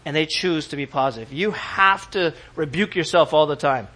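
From the pulpit, a middle-aged pastor delivers a lively, animated sermon at normal speed, laughing often and slipping into other people's voices to act out what they said. His voice is fairly high and bright.

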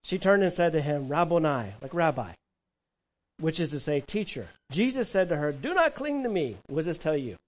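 A man preaching a sermon as pastor, animated, moving between hushed and loud passages and asking the congregation questions. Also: a little high, brisk, rough recording.

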